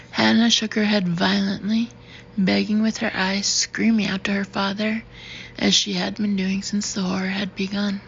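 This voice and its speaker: A woman narrates an audiobook in a steady, level reading with a gravelly texture. Her pitch stays flat throughout. The recording sounds dull, with faint background noise. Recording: dull, slightly noisy recording.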